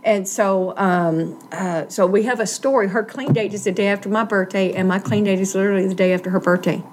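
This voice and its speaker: Middle-aged woman telling her story, plain and earnest, bit halting, faint hiss behind. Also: mid-range voice, fairly even intonation. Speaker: guest sharing recovery story. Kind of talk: personal testimony, casual storytelling.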